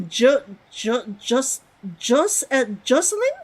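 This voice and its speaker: Young woman, casual game commentary; chatty, giggly, lively high voice. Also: slow pace, rough recording. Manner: chatty and rambling, laughs often, repeats words. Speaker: streamer.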